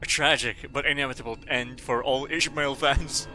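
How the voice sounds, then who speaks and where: A male streamer with a bright, sharp voice talks loosely while he plays. He drifts into crude jokes and rambling asides full of fillers. Faint game music plays underneath. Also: medium pitch, steady tone, moderate pace. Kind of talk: casual gaming commentary, reading game dialogue aloud.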